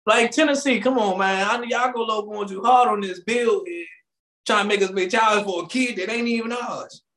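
A man's voice: high voice, moderate pace, fairly bright tone. A man co-hosting a casual talk show, joking and acting out little scenes. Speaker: radio show co-host. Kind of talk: casual podcast banter. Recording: roomy echo.

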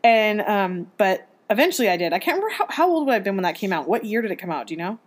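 A woman in her forties co-hosting a casual podcast, giggly and expressive. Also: medium pitch, racing. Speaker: podcast co-host. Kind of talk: casual chat.

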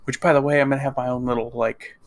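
A man co-hosting a casual gaming podcast, chatting in a relaxed, easygoing way. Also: mid-range voice, fast. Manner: relaxed, easygoing, laughs along. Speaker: podcast co-host.

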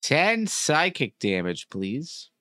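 A man's voice: on the high side, wildly swooping pitch, slow, pushed and bright. A man playing in a live tabletop game who halts and repeats himself while he decides what to do. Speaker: player. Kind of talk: casual tabletop game talk.

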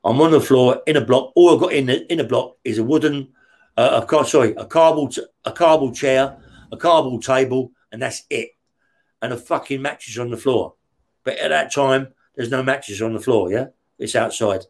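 A man's voice: mid-range voice, moderate pace, a little mellow. Blunt swearing man telling a story. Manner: blunt, heavy swearing, keeps checking with "yeah?". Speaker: interview guest recounting prison life. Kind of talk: casual storytelling.

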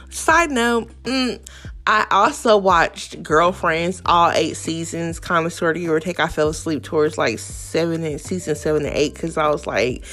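A young adult woman hosting a solo podcast, talking candidly and profanely in a casual, animated way. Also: fairly low pitch. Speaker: podcast host.

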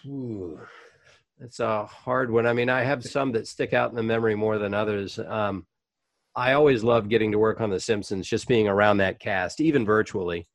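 A middle-aged man, a voice actor and comedian, telling anecdotes in a relaxed podcast interview with lots of ums and restarts. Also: on the low side, moderate pace, no room sound. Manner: animated, chatty anecdotes with frequent fillers. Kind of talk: casual interview storytelling.

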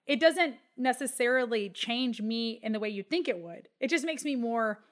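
A woman in her thirties with a Texan accent, talking earnestly and from the heart as a guest on an interview. Her voice sits a little high, and her story moves along with plenty of "you know" and "like.". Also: expressive, normal speed. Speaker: guest, children's book author. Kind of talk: conversational interview.

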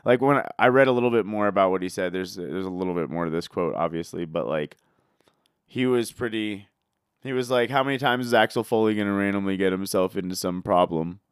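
30s guy hosting, kinda low voice, smooth and easygoing, dry sound. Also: brisk, dry recording. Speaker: podcast host. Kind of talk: casual interview questions.

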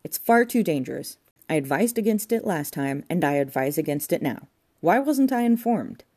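A woman's voice: low-pitched, very animated, normal speed, warm tone, husky, full character voice. A woman voicing a fussy, anxious middle-aged male restorer who talks in a prim, insistent way. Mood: alarmed. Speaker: figure in a comic novel.

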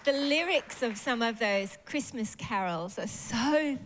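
A woman's voice: a little high, a bit bright. A woman preacher giving a sermon in a church service. She talks expressively and animatedly and often laughs.

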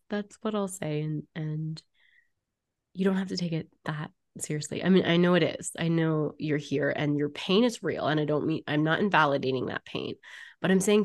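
A woman's voice: low voice, darkish tone. A woman talking as a podcast guest about energy work, blunt, playful and often swearing. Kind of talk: casual podcast conversation.

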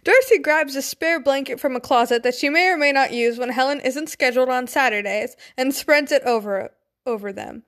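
A woman's voice: sits high, normal speed, a bit bright. A young woman casually reading a story aloud, breaking off into giggly, swearing asides. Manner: giggly, swears, chatty tangents. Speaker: fanfiction reader.

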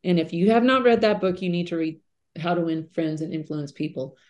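A middle-aged woman with a mellow, warm voice, sitting a touch low in pitch, shares personal stories as a podcast guest. She talks earnestly and conversationally, leaning on everyday fillers as she reflects. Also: brisk, muffled recording.

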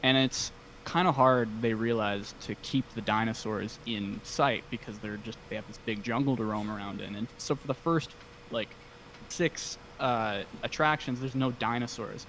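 A man talking as a guest on a casual podcast, pitched in an ordinary middle range. He hesitates a lot, filling gaps with ums and restarting his sentences, yet stays eager and enthusiastic. A faint hiss sits under the voice. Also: normal speed, fairly bright tone. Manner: enthusiastic fan talk.

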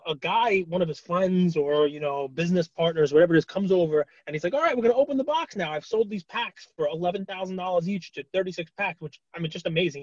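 A talkative man with a voice on the higher side, telling stories in loose casual chat full of fillers. He gets animated when he retells things. The sound is dry and a bit dull, with no room around it. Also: breathy edge, no echo. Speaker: podcast co-host.

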